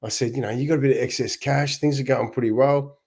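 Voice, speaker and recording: A middle-aged Australian man, a not-for-profit founder, hosts a casual livestream and tells upbeat stories, often laughing and restarting. His voice is medium-pitched and slightly mellow, with fairly even intonation and a fast pace.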